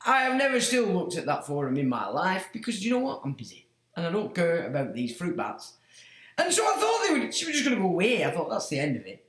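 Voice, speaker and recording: A man's voice: sits high, huge pitch swings, quick pace, a bit bright. A man hosting a livestream, telling a story in a casual, mocking, swearing way, laughing often. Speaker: livestream host. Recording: roomy echo.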